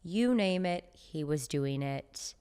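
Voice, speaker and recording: A woman's voice: low-pitched, lively intonation, slow, mellow, smooth. A woman guest on a podcast, telling a personal story in casual chat, full of "like" fillers and acted-out quoted dialogue. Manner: chatty, frequent "like" fillers, acts out quoted dialogue.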